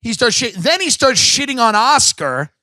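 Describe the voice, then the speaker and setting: A man with a high, sharp, tense voice rants emphatically through a comedic podcast monologue, swearing freely. The sound is dry and close, with no room around it. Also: sing-song, moderate pace, no echo. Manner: profane, emphatic ranting. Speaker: podcast host.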